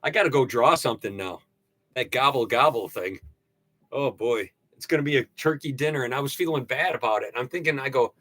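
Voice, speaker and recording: An older man hosting a casual livestream, ranting and joking with sudden loud outbursts. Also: medium pitch, dry recording. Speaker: livestream host. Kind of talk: casual livestream rant and sign-off.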